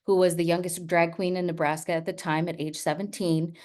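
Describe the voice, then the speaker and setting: A woman's voice: lowish voice, fairly quick. A woman who teaches, giving a talk full of stories and often checking in with her listeners. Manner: lively storytelling with frequent "right?" asides. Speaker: teacher and speaker. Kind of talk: storytelling talk.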